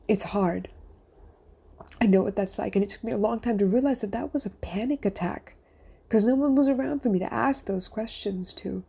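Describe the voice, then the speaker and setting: A woman's voice: mid-range voice, dark tone, breathy edge. A middle-aged woman, a coach and podcast host, speaking in an earnest, confessional monologue that sometimes drops to a whisper.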